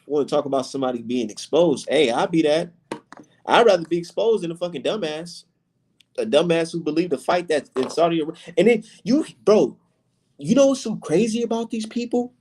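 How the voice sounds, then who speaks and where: A man's voice: on the high side, lively intonation, brisk, darkish tone, a little hiss or hum. A man hosting a casual boxing livestream, ranting with heavy profanity.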